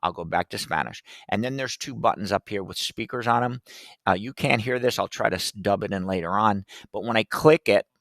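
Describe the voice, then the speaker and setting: A man's voice: on the low side, brisk, vocal fry, fairly bright tone, no room sound. A man hosting a teaching podcast, walking through a screen demo step by step in a chatty, loose way with plenty of fillers. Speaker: podcast host teaching classroom tech. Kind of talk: casual screen-share walkthrough.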